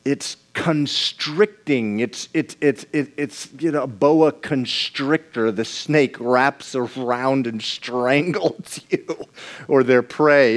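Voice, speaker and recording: A man's voice: medium pitch, takes it slowly. A man preaching a sermon in a conversational way, asking the congregation questions and often repeating and restarting words.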